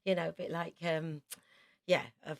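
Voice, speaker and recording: A woman in her fifties from South London with a London accent, a singer chatting as a radio interview guest and telling lively stories with quick asides. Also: low-pitched, vocal fry, crowd noise. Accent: London English. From South London, England.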